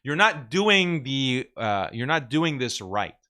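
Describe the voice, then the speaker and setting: A man's voice: medium pitch, sing-song, takes it slowly, bright, forceful tone. A man hosting a commentary show, talking casually in a sarcastic, mocking way and chuckling often. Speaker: host.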